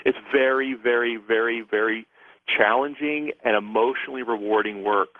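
A man's voice: medium pitch, steady tone, moderate pace, dry recording. Guy calling in to a radio show, rambly storyteller, thin phone sound, no room at all. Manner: rambling, many restarts while describing. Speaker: guest author and psychic. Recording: tinny phone line.

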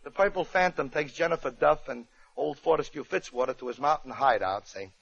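A man's voice: on the high side, brisk, vocal fry, fairly bright tone, slightly rough, highs cut off. A male comedian narrating a parody story, with chatty wisecracking asides, on an old radio recording.

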